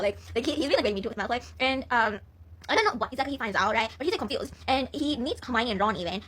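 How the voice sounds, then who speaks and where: A woman's voice: on the high side, lively intonation, racing, fairly bright tone, husky. A young woman rambling casually as she retells a story, with lots of fillers, swearing and laughter. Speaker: vlogger.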